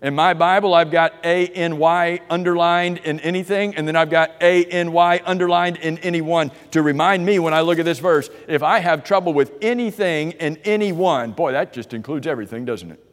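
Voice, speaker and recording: A man's voice: fairly high pitch, normal speed, few pauses. Preacher man in a reverberant hall. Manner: questioning, emphatic, acts out doubters' voices. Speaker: pastor. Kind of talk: sermon.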